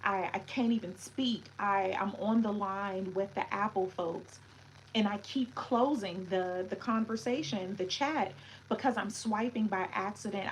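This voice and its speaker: A woman's voice: mid-range voice, slight background noise, rough recording. Chatty woman hosting a livestream. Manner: chatty, reflective, greets viewers with French words. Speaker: livestream host. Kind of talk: casual livestream chat.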